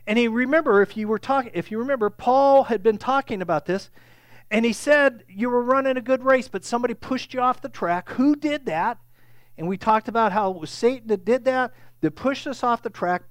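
A man's voice: extremely high pitch, no echo. A man preaching a sermon, teaching in a conversational way with frequent "okay?" check-ins, and growing emphatic and raised when he stresses a point. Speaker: pastor.

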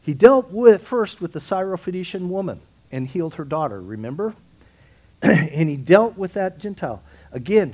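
A man's voice: sits high, a little mellow. A man teaching a Bible study, talking through the text conversationally, with restarts and asides and rising to emphatic peaks. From United States.

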